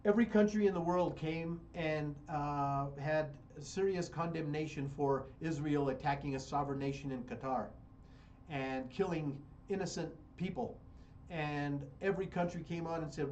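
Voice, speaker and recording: A man's voice: fairly high pitch, normal speed, darkish tone, slight background noise. An American man hosting a radio show, giving fiery political commentary and repeating phrases for emphasis. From United States. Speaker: radio host.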